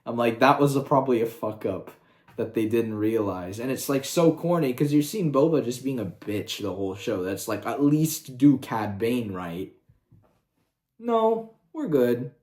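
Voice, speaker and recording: A man talking in a casual, profane rant, excitable and full of quick asides. His voice sits mid-pitched, and the recording carries a roomy echo. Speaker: video creator.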